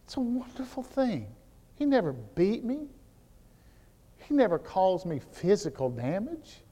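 A man preaching a sermon as pastor, telling animated stories that build to near shouts. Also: sits high, a little slow, in a large hall.

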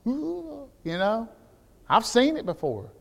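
A man preaching a sermon as pastor, telling animated stories that build to near shouts. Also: very high-pitched, takes it slowly, gravelly, in a large hall.

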